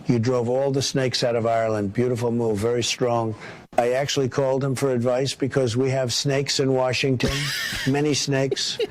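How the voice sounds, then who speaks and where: A man's voice: medium pitch, normal speed, a little hiss or hum, close to an everyday voice. A man impersonating a boastful rambling president. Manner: bragging, repetitive superlatives, comic deadpan. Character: boastful rambling male president, self-praising. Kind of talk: comedic impression sketch.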